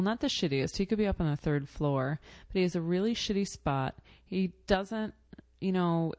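A woman's voice: lowish voice, a little mellow, no echo. A woman telling a personal story in a casual, rambling way, full of fillers and self-corrections.

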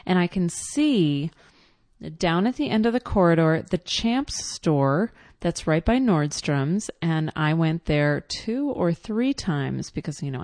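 A woman's voice: fairly low pitch, darkish tone, dry recording. A woman in her thirties telling a casual first-person story in a chatty, reflective way, with many ums and quoted asides.

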